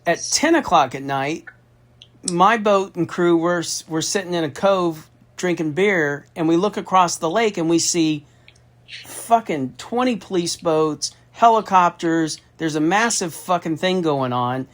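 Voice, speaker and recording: A man's voice: on the high side, lively intonation, unhurried, fairly bright tone. Profane, emphatic middle-aged man telling a story. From Austin, Texas. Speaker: federal contracting consultant. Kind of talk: storytelling in a phone conversation.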